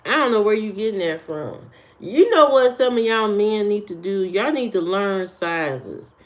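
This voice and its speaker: Brief: woman streamer, sassy and unhurried, talks back at trolls in chat. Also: mid-range voice, lively intonation. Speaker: live streamer. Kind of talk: casual live-stream chat answering comments.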